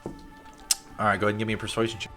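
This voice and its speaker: Male game master, lowish voice, bright edge, easygoing with lots of ums. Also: racing, soft background music. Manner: relaxed, filler-heavy. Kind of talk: running a tabletop game.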